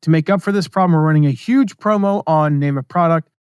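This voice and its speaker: A man hosting a solo business podcast, talking casually and reading his own emails aloud with quick asides. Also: a little high, a little mellow, clear, resonant tone, no room sound, studio quality. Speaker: podcast host.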